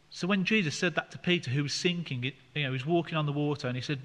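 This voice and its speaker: A man's voice: a little high, very fast, few pauses, fairly bright tone. A man leading a Bible study, explaining scripture in a conversational way with fillers. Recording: long hall reverb.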